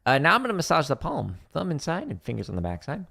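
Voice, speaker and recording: A man teaching drum technique on a livestream, explaining exercises step by step and counting patterns aloud in a relaxed, casual way. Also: a little high, quick pace, vocal fry. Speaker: drum teacher on a practice stream. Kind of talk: instructional livestream talk.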